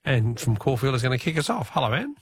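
A man's voice: mid-range voice, very animated, quick pace, breathy edge, dry recording, studio quality. An Australian man hosting a radio phone-in quiz, chatty and upbeat with the callers.

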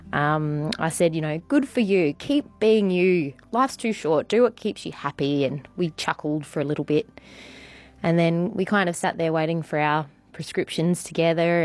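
A woman telling a personal story on a radio show, rambling with lots of ums and you-knows. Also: low voice. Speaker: radio contributor.

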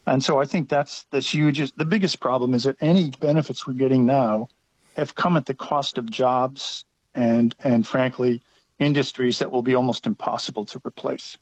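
A man's voice: medium pitch, a little mellow, breathy edge, no room sound, rough recording. A man with an Australian accent calling in to talk radio, making his points earnestly and stumbling over some words. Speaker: caller. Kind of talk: call-in radio opinion.

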